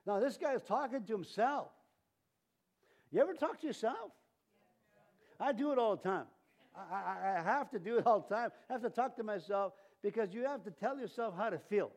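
Chuckling high-voiced pastor. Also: male voice, lively intonation, normal speed. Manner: rambling, self-interrupting, chuckling often. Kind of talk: informal sermon. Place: church.

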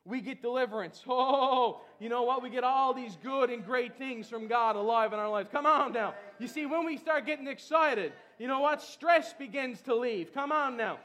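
A man preaching a lively sermon, chatty with many fillers and breaking into shouted calls to the congregation. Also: extremely high pitch, moderate pace, hardly any pauses. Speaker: pastor.

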